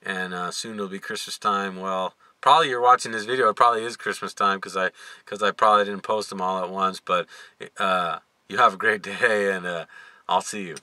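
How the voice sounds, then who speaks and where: A middle-aged man vlogging to camera in a casual, joking way, laughing between lines and sounding worn out. His voice is very bright and smooth, and the sound is dry and close, with no room around it. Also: low voice, steady tone, brisk, dry recording. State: tired, yawning.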